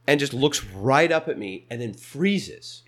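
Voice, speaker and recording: A young man casually telling a funny story, his voice jumping up high whenever he quotes people. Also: unhurried. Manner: animated, jumps to high pitch when quoting people.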